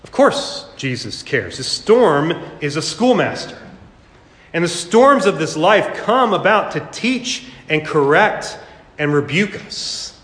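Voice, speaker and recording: Man, middle-aged pastor, sermon, earnest rising emphasis, slightly high voice, roomy church echo. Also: very animated, takes it slowly, a bit bright. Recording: echoey hall, long reverb.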